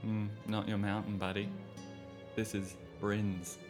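A man playing a calm tiefling druid. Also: on the low side, measured pace, music in the background, close to an everyday voice. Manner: mild, earnest, lecturing. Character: tiefling druid shepherd, calm, preachy about balance.

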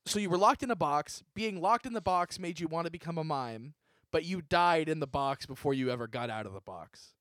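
Guy in improv comedy, keeps asking baffled questions, slightly high voice, dry sound. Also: expressive, fairly bright tone, dry recording. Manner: incredulous, rapid-fire questioning. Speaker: improv performer questioning the ghost.

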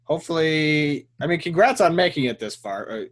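A man hosting a casual sports podcast, joking with his co-host, laughing often and letting sentences trail off into a quiet mumble. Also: fairly high pitch, expressive, brisk.

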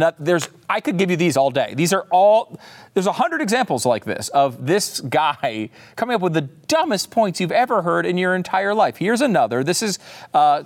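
Mocking man with lively pitch. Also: vocal fry. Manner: mocking, incredulous, mimics voices. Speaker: podcast host. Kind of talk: opinionated commentary.

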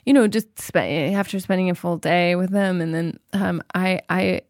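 A woman's voice: fairly low pitch, moderate pace, no room sound, studio quality. Reflective woman in her thirties. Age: 30s. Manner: reflective, restarts sentences often. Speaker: guest. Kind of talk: casual interview chat.

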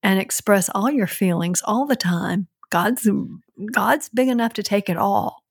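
Calm, breathy older woman. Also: mid-range voice, measured pace, dry recording, studio quality. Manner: calm, reassuring. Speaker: co-host, host's mother. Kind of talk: casual podcast chat.

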